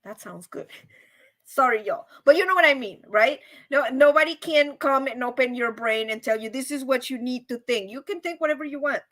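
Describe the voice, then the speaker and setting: A woman hosting a casual livestream, chatty and animated, often asking "right?" and acting out quoted voices. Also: high-pitched, a little fast, few pauses. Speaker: livestream host.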